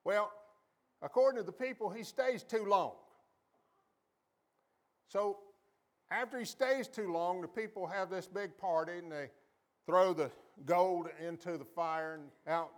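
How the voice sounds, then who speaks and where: Slow-preaching pastor, a man. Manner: calls for the congregation to repeat after him; acts out quoted voices with sudden high jumps in pitch. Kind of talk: sermon.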